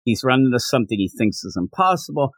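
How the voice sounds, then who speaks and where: A podcast co-host chats casually while recapping a manga chapter, slipping into character voices as he retells it. His medium-pitched voice is sing-song and fast, with no room sound.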